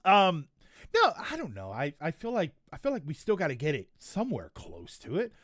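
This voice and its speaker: Guy streamer rambling thru a trailer reaction, high lively voice, dry close sound. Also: fairly quick, no room sound. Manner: rambling, restarts, laughs often. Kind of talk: casual live-stream chat reacting to a trailer.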